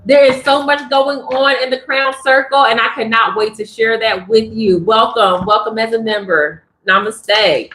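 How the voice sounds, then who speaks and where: A woman hosting a casual spiritual livestream, talking in an expressive, chatty way to her viewers. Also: a little high, reverberant, rough recording. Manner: expressive, chatty, drawn-out delivery.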